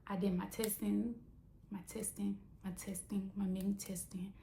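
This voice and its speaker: A young woman, a small business owner, telling a story in a casual vlog with animated, mock-dramatic flair. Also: medium pitch, moderate pace, vocal fry, a little hiss or hum. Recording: roomy echo.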